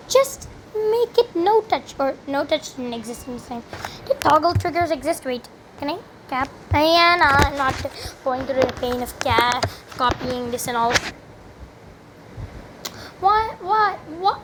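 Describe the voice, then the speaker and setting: A young woman giving chatty, rambling commentary while playing a video game, with sudden loud exclamations. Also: high-pitched, measured pace, noisy background. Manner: chatty, rambling, exclaims loudly when she fails. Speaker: gaming commentator. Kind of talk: live gameplay commentary.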